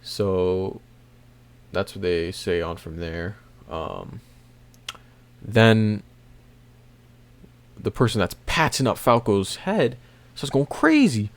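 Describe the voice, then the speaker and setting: A man casually recapping a comic chapter, rambling with many fillers and soft laughs. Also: lowish voice, expressive, takes it slowly, long pauses. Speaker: manga recap video host.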